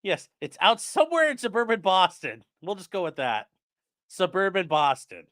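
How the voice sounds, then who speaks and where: Man host live-streaming, smooth voice, loose and profane, chatty asides to viewers. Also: sits high, wildly swooping pitch, normal speed, pushed and bright. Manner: rambling, profane, jokey asides to chat. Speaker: livestream host. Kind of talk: casual live-stream commentary.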